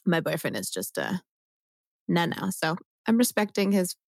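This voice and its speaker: Female podcast co-host, lower register, effusive casual delivery, dry studio sound. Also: sing-song, normal speed, gravelly, no room sound. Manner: laughs often, effusive.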